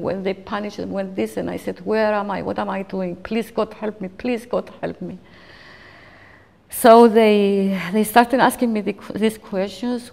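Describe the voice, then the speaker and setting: A woman's voice: mid-range voice, creaky, a little mellow. Emotional woman in her fifties, reverberant hall. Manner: halting, emotional retelling with frequent restarts. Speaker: interviewee recounting a personal ordeal. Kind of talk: documentary interview testimony.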